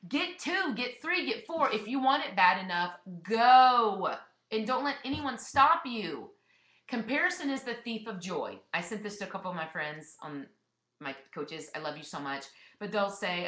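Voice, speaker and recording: A woman's voice: medium pitch, animated, normal speed, pushed and bright. A woman fitness business coach giving a blunt, emphatic motivational webinar talk. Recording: echoey room.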